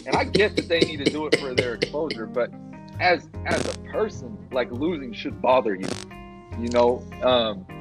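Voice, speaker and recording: Guest coach, man, mid-pitched, halting delivery with restarts and fillers. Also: animated, over music. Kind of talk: casual interview.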